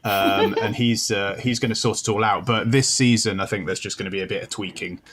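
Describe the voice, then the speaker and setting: A man's voice: on the low side, fairly even intonation, fairly quick, a bit bright, a little hiss or hum. Dry man, playfully contrarian. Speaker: podcast co-host. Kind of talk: casual chat.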